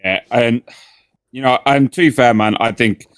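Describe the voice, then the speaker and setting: A young man, co-hosting a podcast, chatting excitably and repeating himself. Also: mid-range voice, normal speed, no room sound. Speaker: podcast co-host. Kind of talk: casual chat.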